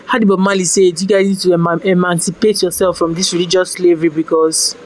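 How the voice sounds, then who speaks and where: A Nigerian woman guest on a podcast, telling a personal story in casual, animated talk, slipping into pidgin phrases and often restarting her sentences. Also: fairly low pitch, quick pace, rough recording.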